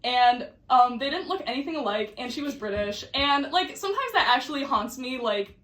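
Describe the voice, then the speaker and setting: A woman's voice: high voice, lively intonation, normal speed, fairly bright tone. A young woman co-hosting a podcast, telling stories in loose casual chat with lots of "like" and free swearing. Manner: chatty storyteller, heavy filler "like", swears freely. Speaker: podcast co-host. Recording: echoey room, mic at a distance.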